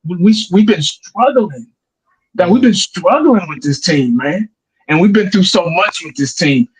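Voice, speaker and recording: A man in his forties, a fan commentator, rambling and animated in a casual podcast chat, acting out what people say to him. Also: high voice, unhurried, husky, rough recording. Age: 40s. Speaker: YouTube football fan commentator.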